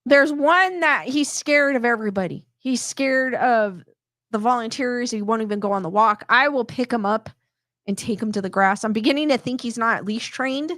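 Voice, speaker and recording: A middle-aged woman hosts a casual live stream, rambling in a chatty way with lots of restarts. Her voice sits a little on the high side. The sound is close and dry, with almost no room echo. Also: moderate pace, fairly bright tone. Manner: reads viewer comments aloud. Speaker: host reading chat comments.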